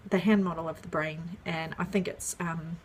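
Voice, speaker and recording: Woman calmly explaining, faint hiss. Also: fairly low pitch, normal speed. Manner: friendly, explains step by step with many ums and "right?". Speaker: parenting educator. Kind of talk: casual explainer video.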